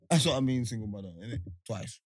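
A young man, telling a story in casual chat, animated and laughing often. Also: medium pitch, no echo.

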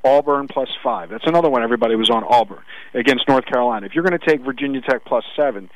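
A man co-hosting a sports radio show, pushing his betting picks in quick, insistent bursts. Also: mid-range voice, expressive, creaky, no echo, dull audio. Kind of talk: casual sports betting talk.

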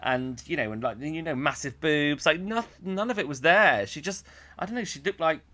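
A man from Britain co-hosting a podcast, rambling and halting, with many fillers as he trails off. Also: on the high side, lively intonation, sharp tone. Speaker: podcast co-host. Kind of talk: casual chat reviewing a TV episode.

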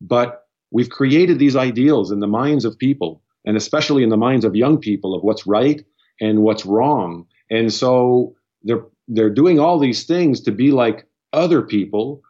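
A man's voice: medium pitch, unhurried, warm tone, highs cut off. A man speaking as a guest in casual chat, blunt and profane, often restarting his sentences. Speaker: podcast guest.

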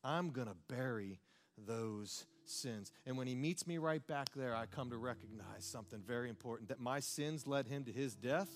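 A man's voice: mid-range voice, a little fast, few pauses. Impassioned male preacher. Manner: impassioned, building to shouts. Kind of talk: sermon.

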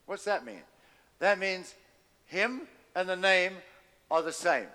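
A man's voice: high voice, animated, slow, pauses often, bright, forceful tone, big-room sound. A man preaching a sermon, emphatic and calling on the congregation to repeat after him. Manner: emphatic, call-and-response with the congregation. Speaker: pastor.

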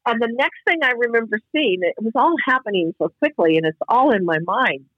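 A woman's voice: a little high, expressive, a little fast, no room sound. Earnest woman on muffled call audio. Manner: earnest, reflective, spiritual storyteller. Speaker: guest. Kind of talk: casual storytelling on a podcast.

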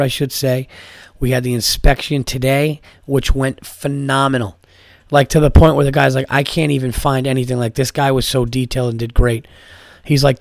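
A man's voice: mid-range voice, vocal fry, dry recording, studio quality. A man hosting his own podcast, chatting casually and telling stories, swearing freely and stumbling over repeated words. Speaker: podcast host. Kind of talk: casual solo podcast chat.

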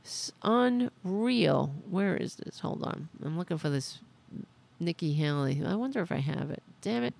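A woman's voice: fairly low pitch, expressive, a little slow, creaky, a little mellow. A woman hosting a political commentary podcast, delivering a sarcastic, profane, indignant opinion rant.

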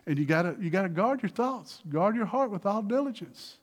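Man preaching a sermon, higher voice. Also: lively intonation, fairly quick. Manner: preaching with rising emphasis and call-and-response questions. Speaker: pastor.

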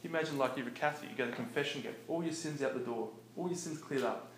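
A man giving a casual, animated teaching talk about faith, conversational and laughing often. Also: medium pitch, fast. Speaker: preacher. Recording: echoey room with faint noise.

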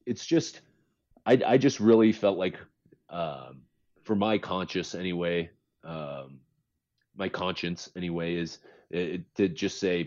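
A man's voice: sits low, slow, long pauses, darkish tone, dull audio. A man co-hosting a podcast, talking casually but with impassioned, pleading emphasis. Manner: impassioned, pleading, repeats himself. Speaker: podcast co-host. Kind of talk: casual chat.

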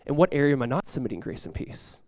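Man preaching, conversational sermon, quick delivery, dry close sound. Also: medium pitch, sing-song, no room sound. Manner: conversational, acts out prayers in a hushed voice. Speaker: pastor.

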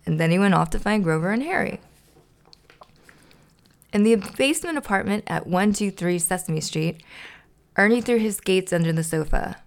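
Woman host, playful storybook reader, slightly gravelly voice. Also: medium pitch, animated, normal speed, pauses often. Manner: playful, laughs to herself. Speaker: podcast host. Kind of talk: reading a children's storybook aloud.

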